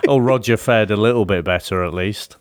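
A man's voice: lowish voice, a little fast, dry recording, studio quality. A British man co-hosting a film review podcast in casual chat. He asks questions and chuckles at plot holes. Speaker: podcast co-host reviewing films.

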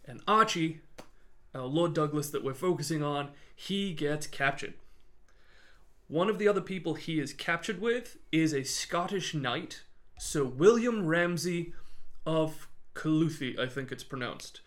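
Lively man telling a history tale. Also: fairly high pitch, measured pace. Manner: lively, jokey, laughs often. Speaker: podcast co-host, storyteller. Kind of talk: casual history storytelling.

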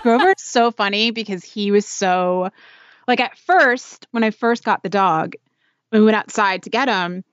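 A woman co-hosting a podcast, telling stories in a chatty, animated way with lots of fillers. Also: medium pitch, measured pace, dry recording, dull audio. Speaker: podcast co-host. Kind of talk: casual chat.

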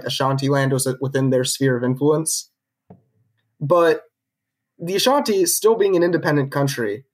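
A man co-hosting a podcast, telling a history story in a casual, conversational way, with many fillers and restarts. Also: fairly high pitch. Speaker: podcast co-host narrating history.

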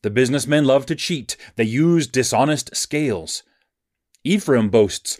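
A man reads scripture aloud in an even, measured cadence, with a middle-pitched voice. The recording is dry and close, with no room sound around him. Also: dry recording. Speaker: scripture reader. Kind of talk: scripted Bible reading.

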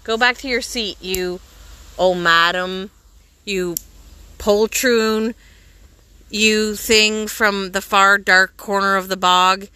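A woman's voice: medium pitch, steady tone, takes it slowly, pauses often, bright, forceful tone, smooth, no echo. A woman voicing a harsh, bullying male schoolmaster who barks, mocks and scolds, read from a storybook. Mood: mocking. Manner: barking, mocking, raised voice. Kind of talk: storybook reading.

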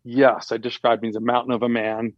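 A man with a medium-pitched voice tells a personal anecdote fairly quickly on a dry, lo-fi recording. He's casual and animated, acting out the dialogue with raised voices.

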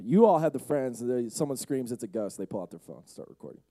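A young man preaching a lively youth sermon, shouting and acting out the characters of the story. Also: mid-range voice, fast talker, dry recording. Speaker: youth pastor.

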